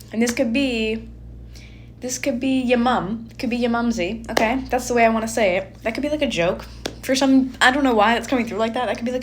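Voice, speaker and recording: A young woman giving a casual spoken tarot reading, chatty and animated with lots of filler words. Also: on the high side, slight background noise. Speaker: tarot reader.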